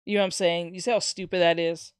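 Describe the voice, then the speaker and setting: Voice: medium pitch, fast talker, clear, resonant tone, no room sound, clean studio sound. A streamer in a casual live-stream chat, ranting with some swearing and reading chat messages aloud. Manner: animated ranting with profanity, reads chat aloud.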